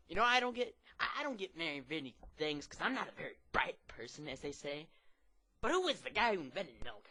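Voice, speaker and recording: Guy doing standup, rambling and hyped, pitch bouncing all over, bright kinda sharp voice. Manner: rambling and excitable, with filler-heavy restarts. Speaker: stand-up comedian. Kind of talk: stand-up routine.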